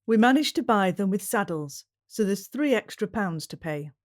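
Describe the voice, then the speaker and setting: A man's voice: high-pitched, expressive, normal speed. A woman doing a surly horse dealer. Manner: surly, blunt.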